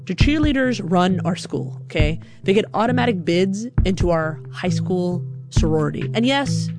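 A woman from Alabama telling a personal story in a lively, chatty way, full of "like". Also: fairly low pitch, moderate pace, loud music behind the voice.

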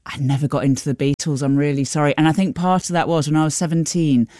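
A woman in her forties as a radio guest, lively and chatty. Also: deep voice, fast talker, no room sound, clean studio sound. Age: 40s. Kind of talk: radio discussion. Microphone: studio mic.

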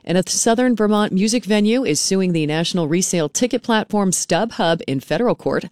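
A woman hosting local public radio news in a steady, clear announcer delivery. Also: mid-range voice, fairly quick, dry recording, studio quality. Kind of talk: local newscast and station announcements.

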